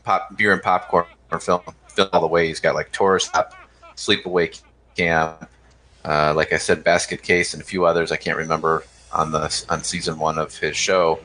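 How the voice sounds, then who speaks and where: A man's voice: extremely low pitch, little pitch movement, moderate pace, bright, forceful tone, poor audio. A man co-hosting a horror film podcast, chatting casually and eagerly sharing trivia. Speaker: podcast co-host. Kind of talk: casual movie review chat.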